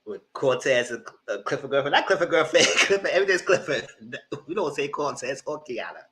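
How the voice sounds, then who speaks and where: A man giving live commentary on a reality TV show, animated and cussing, mocking the people in it. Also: on the high side, a little fast, rough recording. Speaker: reality TV reviewer.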